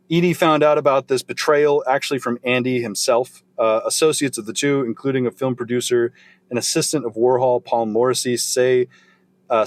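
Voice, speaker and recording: Profane man telling a story. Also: medium pitch. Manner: profane, loose, recounting from notes. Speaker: podcast host. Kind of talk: casual storytelling chat.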